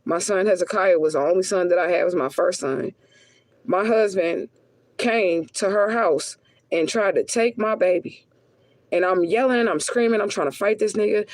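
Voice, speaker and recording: A woman's voice: mid-range voice, normal speed, no room sound. Blunt, heated woman giving a spiritual reading. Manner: blunt, profane storytelling; emphatic, heated repetition. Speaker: spiritual reader.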